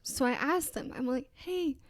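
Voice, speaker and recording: A woman's voice: fairly high pitch, normal speed, darkish tone, no echo. A young adult woman hosting a casual faith podcast, telling a story in a chatty way and quoting other voices. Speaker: podcast host.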